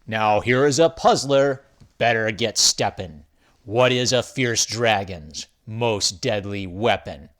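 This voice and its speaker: A man reading a rhyming children's story aloud in an expressive, sing-song way. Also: on the low side, slow.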